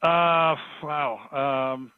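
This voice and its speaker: A man's voice: on the high side, very slow, clean tone, no echo. A man, a guest in an interview, telling a story and acting out the quoted speech of the people in it. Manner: rambling storyteller who acts out quoted speech. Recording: tinny phone line.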